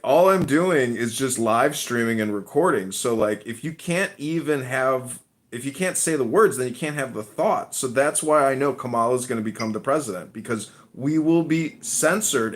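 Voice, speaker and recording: A man calling in to a livestream, ranting in a deliberately annoying, trolling way. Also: medium pitch, animated, fairly bright tone. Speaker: call-in guest. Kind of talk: provocative livestream rant.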